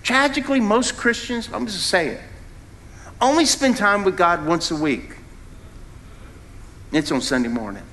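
A middle-aged man preaching a sermon as a founding pastor. He preaches with an animated delivery, jumps suddenly in pitch and volume, and asks the congregation questions. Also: moderate pace, pauses often, slight background noise.

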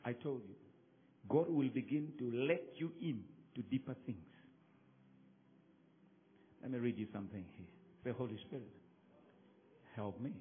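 A male pastor, preaching emphatically to his congregation, swinging from loud calls to soft drops. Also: medium pitch, animated, normal speed, long pauses, slight background noise. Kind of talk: sermon. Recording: phone-like narrow sound.

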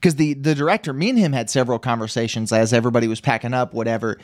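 A man's voice: mid-range voice, rapid-fire, no echo, studio quality. A man chatting casually as a podcast host, rambling through a movie plot with restarts and laughs. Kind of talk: casual chat recapping a movie.

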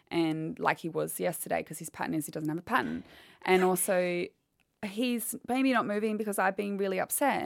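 A woman's voice: lowish voice, creaky, no echo, studio quality. A woman, telling a painful personal story candidly in an interview. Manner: candid, quotes others as she retells. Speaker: guest.

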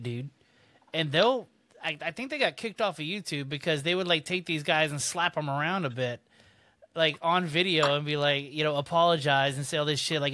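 Higher-pitched guy with a bright tone, dry close sound, loose profane chat. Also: dry recording. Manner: laid-back, swears, laughs along. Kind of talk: casual podcast banter.

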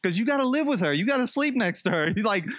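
A man's voice: high-pitched, expressive, quick pace, fairly bright tone, no room sound. A man preaching a sermon in a conversational, storytelling way with light humor. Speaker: pastor.

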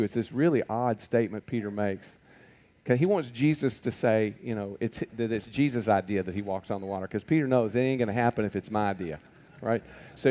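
A man teaches a Bible lesson to a group in a conversational manner, posing many rhetorical questions and stopping on fillers. His voice is fairly low and dark in tone, and he speaks fairly quickly.

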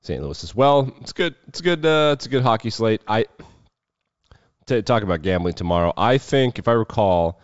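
A man's voice: fairly low pitch, lively intonation, moderate pace, no room sound, highs cut off. A man hosting a sports show, riffing off the cuff on games and clips with a wry, sardonic edge. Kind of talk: casual sports commentary.

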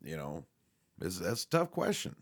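A man's voice: deep voice, wildly swooping pitch, normal speed, breathy edge. A man rambling casually and profanely, with lots of fillers, restarts and laughs. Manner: laughs often while talking.

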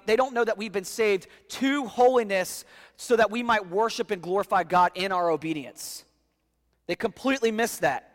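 A man with a high voice delivers a sermon as pastor. He stresses his points and often repeats words as he reads scripture aloud. His voice rings with the long reverb of a church hall. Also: a bit bright.

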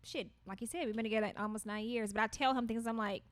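A woman's voice: fairly high pitch, fairly even intonation, quick pace, no room sound. A woman co-hosting a couples podcast, telling stories casually and quoting her husband. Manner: chatty storytelling, quotes her husband. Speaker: podcast co-host.

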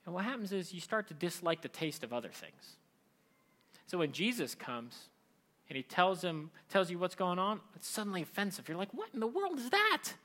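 A man preaching a sermon in a conversational, lively way, often slipping into mimicked voices. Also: sits high, moderate pace.

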